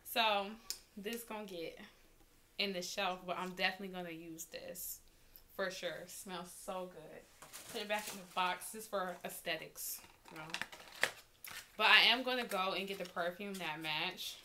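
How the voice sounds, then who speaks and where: Bright-voiced woman chatting through a haul. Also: on the low side, normal speed, slight background noise. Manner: chatty and excitable, talks straight to viewers. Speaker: vlogger. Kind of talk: casual unboxing haul vlog.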